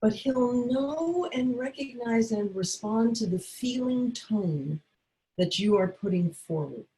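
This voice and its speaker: A woman's voice: a little high, lively intonation, slow, dark tone, rough recording. A woman teaching caregivers, coaching them and acting out short dialogue examples. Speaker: caregiving educator. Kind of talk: instructional talk.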